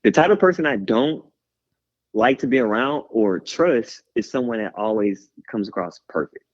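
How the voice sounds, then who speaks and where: A man's voice: mid-range voice, moderate pace. A man, talking openly and energetically as a guest, ranting and hyping people up. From Houston, Texas. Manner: animated, rambling, hype-man energy. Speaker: guest musician. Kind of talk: candid interview talk. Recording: slightly dull lo-fi radio audio.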